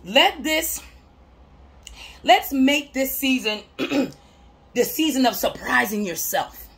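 A woman vlogger talking about her recovery, emphatic and repetitive like a preacher, often laughing and breaking into shouts. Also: high-pitched, animated, takes it slowly, creaky. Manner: emphatic, repeats phrases, preacher-like cadence. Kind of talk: motivational talk to camera.

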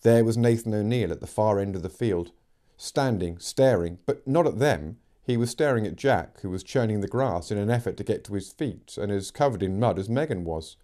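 Male narrator, mellow, lively storybook reading. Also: fairly low pitch, normal speed. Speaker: narrator reading book extracts.

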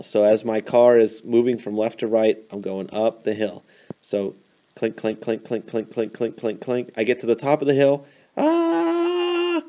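A man's voice: fairly low pitch, dark tone. A man teaching math, explaining a graph in a casual, informal way with a few fillers. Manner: informal, fillers, playful sound effects.

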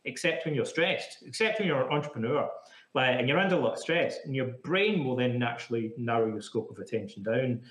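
This psychotherapist guest speaks fairly quickly in a mid-range, slightly bright, expressive voice. Being interviewed, he explains things in a loose, chatty way full of "like" fillers, in a room with echo.

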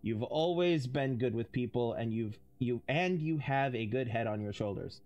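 Man putting on a mock british accent, older gentleman mentor, formal, brisk, a bit low. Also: lo-fi sound, close to an everyday voice. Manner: brisk, formal letter-reading. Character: polite older male business mentor.

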